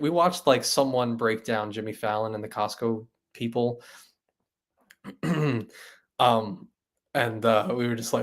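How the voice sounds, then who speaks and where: A man with a mid-range voice speaks briskly while hosting a live stream. He chats loosely with viewers, laughs, and tries out impressions of other creators.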